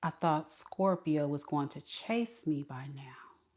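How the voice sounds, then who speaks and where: A woman's voice: low-pitched, animated, slow, a little mellow, voice pushed down. A woman doing a plaintive jilted ex-lover. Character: sulking ex-lover left wondering, unreplied.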